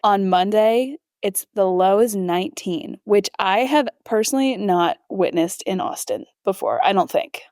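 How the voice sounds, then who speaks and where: A woman's voice: medium pitch, measured pace, few pauses, darkish tone, no room sound, studio quality. A young woman co-hosting a podcast in casual chat, upbeat and enthusiastic, using fillers as she talks. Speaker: podcast co-host.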